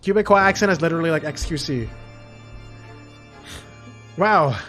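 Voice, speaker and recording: A man's voice: fairly high pitch, rapid-fire, a bit bright, faint music behind. A man streaming a game, chatting casually with a self-mocking tone and frequent swearing. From Canada. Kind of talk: gameplay commentary.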